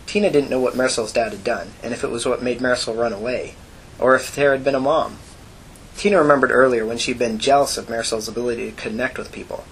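Guy reading a novel out loud, steady and plain, middle pitch. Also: fast talker, a little hiss or hum, low-quality recording. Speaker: audiobook narrator. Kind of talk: scripted narration.

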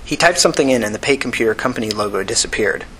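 A male narrator reading a novel aloud at an even, steady pace. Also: lowish voice, racing, breathy edge, low-quality recording. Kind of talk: audiobook narration.

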